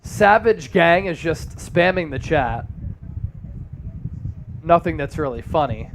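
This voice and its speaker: A man's voice: a little high, lively intonation, slow pace, slight background noise. Joking male sports-stream host. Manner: joking, reads chat comments aloud. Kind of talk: casual live-stream chat.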